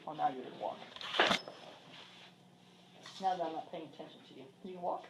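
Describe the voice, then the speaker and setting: This woman, a cat sanctuary worker from the southern US, shows viewers the shelter in a casual filmed tour, talking baby talk to the cats. Her gravelly, fairly low voice has lively intonation at normal speed, with frequent pauses. There's background noise.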